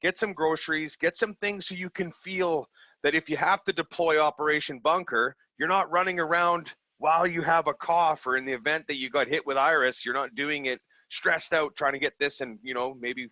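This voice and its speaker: A man, a small business owner from Canada, telling stories in a casual, animated way and acting out the people he quotes. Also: fairly high pitch, normal speed, no echo, highs cut off. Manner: animated, acts out quoted people, laughs easily. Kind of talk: casual storytelling over video call.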